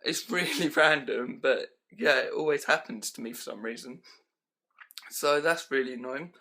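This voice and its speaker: A man's voice: mid-range voice, normal speed, gravelly, sharp tone. A young man casually ranting through a list of pet peeves for his vlog, rambling with lots of "um" and "like", recorded on a handheld camera at home. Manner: rambling, full of fillers like "um" and "like". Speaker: vlogger.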